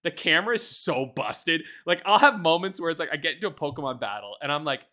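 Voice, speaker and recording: A podcast co-host in casual chat, ranting with plenty of swearing and laughter. The voice swoops up and down a lot. The tone is bright and forward. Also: mid-range voice, fast talker. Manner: animated, profane ranting with frequent laughs.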